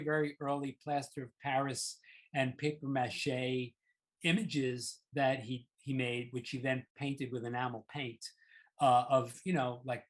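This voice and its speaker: A man's voice: medium pitch, fairly bright tone. A man giving an informal slide lecture on art, rambling and conversational with many fillers and restarts.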